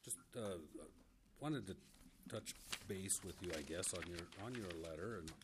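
A man, a senator chairing a committee hearing and questioning a witness. He speaks haltingly, with many filler words. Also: deep voice, background noise.

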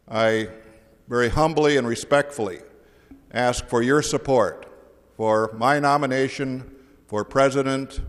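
A state senator giving a formal nominating speech in a legislative chamber, pausing often on uh. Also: male voice, mid-range voice. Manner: halting, with frequent uh fillers. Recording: echoey chamber reverb.

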